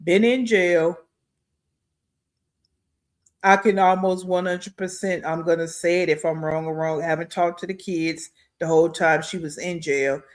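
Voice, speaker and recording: A man's voice: a little high, steady tone, unhurried. A man giving blunt, scornful commentary as host of a reaction video.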